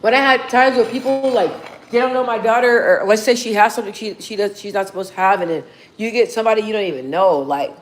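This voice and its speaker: A woman chatting casually with viewers, telling stories in a slangy, animated way. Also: medium pitch, quick pace. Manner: animated, slangy storytelling with acted-out quotes. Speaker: streamer answering viewer questions. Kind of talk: casual chat. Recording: roomy echo, faint background hum.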